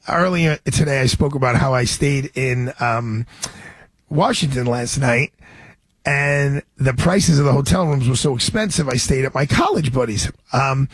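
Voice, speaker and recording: Husky rambling radio host. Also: male voice, mid-range voice, dry recording. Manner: rambling storyteller with restarts and chuckles. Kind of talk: casual radio talk.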